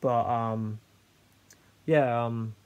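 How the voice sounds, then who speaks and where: Gravelly young man, candid. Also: medium pitch, fairly even intonation, a little mellow. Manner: candid and halting, with frequent fillers and swearing. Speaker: host sharing his story. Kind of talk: personal storytelling monologue.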